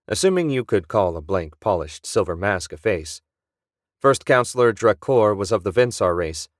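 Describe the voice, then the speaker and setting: A man narrating an audiobook in a steady, even storytelling manner. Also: lowish voice, no echo, clean studio sound. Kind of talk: scripted narration.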